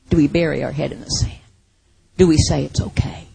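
A woman preaching a sermon, telling a Bible story with lively acted-out asides. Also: low voice, brisk, vocal fry, breathy edge, low-quality recording.

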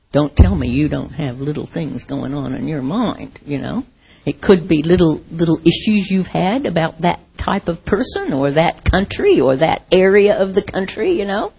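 A middle-aged American woman from the Midwest preaching a sermon in a conversational, animated way, often laughing and acting out quotes. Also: deep voice, husky, poor audio.

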